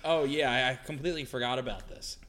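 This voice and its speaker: A man co-hosting a relaxed podcast who answers in wry, quick reactions and exclamations. His voice has an ordinary middle pitch for a man. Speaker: podcast co-host. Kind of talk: casual chat.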